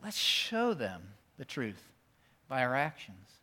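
A man preaching a sermon in a church, swinging between loud, emphatic peaks and quiet, intense stretches. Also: medium pitch, wildly swooping pitch, slow pace. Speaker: pastor.

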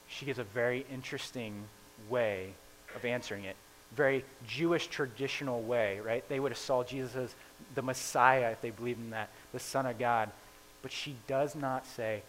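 Animated man preaching a casual sermon. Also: mid-range voice, moderate pace, slight background noise, low-quality recording. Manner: animated storytelling, retells scripture in casual paraphrase. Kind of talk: conversational sermon.

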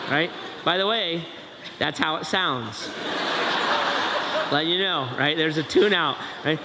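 A man giving a sermon in a large hall, playful and animated, acting out family scenes for the congregation. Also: fairly high pitch, slow, long pauses, a little hiss or hum. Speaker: preacher. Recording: echoey hall.

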